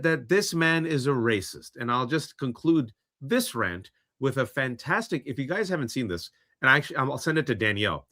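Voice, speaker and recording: A man delivers heated political commentary with a bright, sharp edge to his voice. His tone is sarcastic and ranting, and he sits at a middle pitch. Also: expressive, moderate pace, few pauses. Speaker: podcast co-host.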